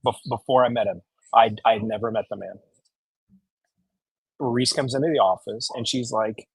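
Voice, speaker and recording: Blunt husky-voiced man chatting. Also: mid-range voice, moderate pace, dry recording, poor audio. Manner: blunt, profane, animated retelling. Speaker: guest. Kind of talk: casual livestream chat.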